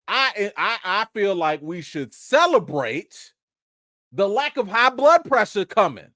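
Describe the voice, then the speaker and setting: A man hosting a casual live-stream chat, speaking, breaking into excited exclamations and reading viewer comments aloud. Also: high voice, slow, no room sound, studio quality. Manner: animated, preacher-like exclamations. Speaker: host of a live chat show.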